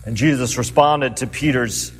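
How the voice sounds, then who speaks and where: A man preaching a sermon as a pastor, earnest and animated, asking his listeners rhetorical questions as he retells the story. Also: mid-range voice, normal speed, long reverb tail, faint music behind, poor audio.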